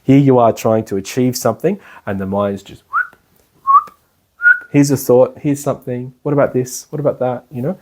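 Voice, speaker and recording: A man's voice: mid-range voice, steady tone, normal speed, warm tone. A man giving a casual, rambling meditation class indoors, chatting and laughing as he explains. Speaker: meditation teacher. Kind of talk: casual spoken lecture.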